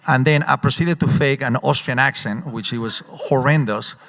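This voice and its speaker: A man speaks as an executive guest on a conference stage. He tells stories in lively, quick bursts full of "uh" fillers, at an everyday middle pitch. His voice rings with the long reverb of a big hall. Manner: animated storyteller, quick bursts with frequent uh fillers. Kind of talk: live on-stage conference interview.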